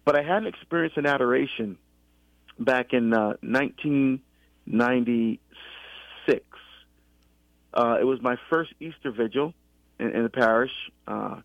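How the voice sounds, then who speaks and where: A middle-aged deacon from the US East Coast in a conversational faith talk, telling his story with many restarts and animated quoted exchanges. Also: mid-range voice, measured pace, vocal fry, long pauses, no echo. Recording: dull lo-fi sound.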